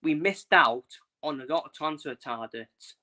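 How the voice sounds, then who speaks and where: A man's voice: on the high side, unhurried, pushed and bright. A young man ranting casually in his own vlog, frustrated and blunt, repeating himself and swearing. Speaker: football fan vlogger. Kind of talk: casual opinion rant.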